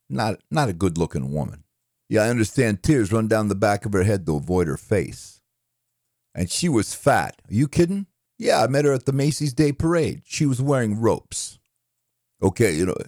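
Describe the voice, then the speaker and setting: A man's voice: on the low side, darkish tone, dry recording, studio quality. A man doing a put-upon New York comic. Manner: punchy, self-deprecating one-liners. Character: nervous, put-upon middle-aged male stand-up comic. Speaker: impressionist. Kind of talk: stand-up comedy impression.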